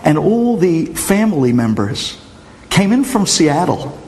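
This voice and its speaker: Animated rabbi spinning a story, kinda high voice, echoey hall sound. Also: male voice, a little slow, slight background noise. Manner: animated storyteller with sudden pitch jumps. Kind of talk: storytelling talk. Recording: long hall reverb.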